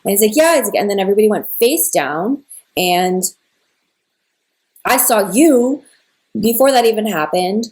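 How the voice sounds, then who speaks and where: A woman's voice: mid-range voice, lively intonation, normal speed, pauses often, a little mellow. Young woman, casual storytime, rambling, says "like" a lot, emotional, mid-range voice. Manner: rambling, heavy use of "like", emotional retelling. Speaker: spiritual content creator.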